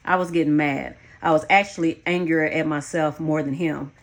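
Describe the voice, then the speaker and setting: A woman's voice: low voice, fairly even intonation, normal speed. A woman narrating a first-person memoir audiobook in a frank, blunt way, swearing freely.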